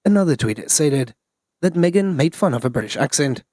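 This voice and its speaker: Husky male narrator, dry close sound, steady scripted news read. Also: on the high side, fairly quick, no echo.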